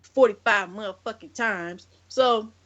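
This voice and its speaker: A woman's voice: mid-range voice, a little slow, a bit bright, lo-fi sound. A woman co-hosting a podcast, telling a long story as a profane, exasperated rant and acting out both sides of her phone calls. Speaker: podcast co-host.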